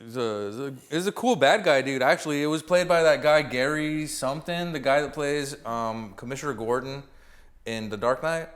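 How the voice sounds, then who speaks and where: A man co-hosting a comedy podcast in relaxed chat, halting with ums and calling people dude and man. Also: medium pitch. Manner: laid-back, says dude and man a lot, halting with ums. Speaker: producer and co-host.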